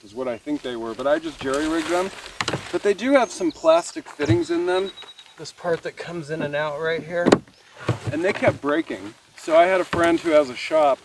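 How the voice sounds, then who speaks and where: A man from Nevada vlogging from his kayak on a lake, talking in a relaxed, rambling way and marveling at the scenery. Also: a little high, background noise. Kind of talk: casual outdoor vlog narration.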